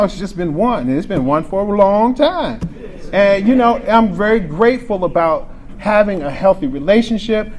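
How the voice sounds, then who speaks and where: A man in his forties giving a frank, emotional personal testimony at a recovery convention, often restarting his sentences. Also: sits high. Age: 40s. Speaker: speaker sharing recovery story at a convention. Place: convention meeting room.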